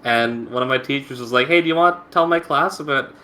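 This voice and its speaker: A young adult streamer chatting casually with friends, telling a long story full of "like" and acted-out quotes. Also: male voice, mid-range voice, fast talker, sharp tone, a little hiss or hum. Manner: rambling, full of "like", acts out quotes.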